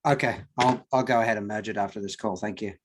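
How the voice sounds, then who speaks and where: A man's voice: fairly low pitch, fairly even intonation, quick pace, husky. A man with a nasal Australian accent, chairing an online working group meeting in a friendly, chatty way full of fillers. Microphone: video call.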